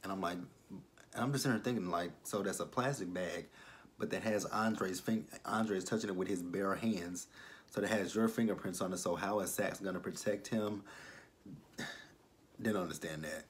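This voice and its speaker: A man giving a casual, animated recap of a TV episode, acting out the characters' lines and swearing freely. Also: sits low, moderate pace. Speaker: TV episode reviewer.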